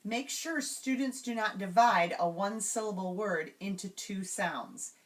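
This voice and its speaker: A woman's voice: medium pitch, animated, far from the mic, a little hiss or hum. Woman teaching routines, a bit off-mic. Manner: clear, measured, slows to sound out example words. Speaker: teacher trainer. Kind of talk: instructional walkthrough.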